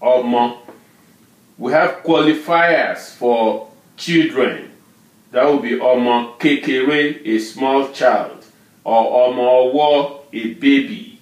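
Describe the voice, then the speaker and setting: A man teaching a language lesson, drilling syllables and tones slowly and patiently. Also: medium pitch, roomy sound. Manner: drills syllables and tone names, repeating words slowly. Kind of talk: slow, patient pronunciation lesson.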